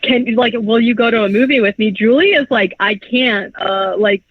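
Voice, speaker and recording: High-voiced man recapping a movie. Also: no echo. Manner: rambling, filler-heavy, acts out film lines in quick voices. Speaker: podcast host. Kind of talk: casual movie recap chat. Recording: dull lo-fi podcast audio.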